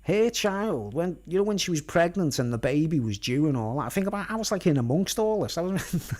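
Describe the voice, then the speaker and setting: A vlogger tells a rambling personal story in casual slang and nonstandard grammar, constantly checking in with his listeners. His voice is fairly high, sing-song, fairly quick, and a little mellow.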